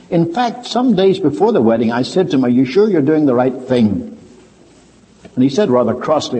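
An older man preaching a sermon, telling stories and swinging between quiet low asides and raised, emphatic points. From Ireland. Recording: reverberant hall.

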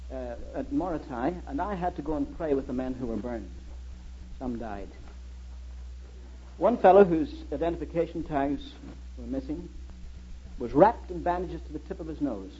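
A man's voice: on the high side, expressive, moderate pace, pauses often, warm tone, a little hiss or hum. A middle-aged man giving a public lecture as a historian, telling stories and asking his audience rhetorical questions. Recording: dull lo-fi old recording.

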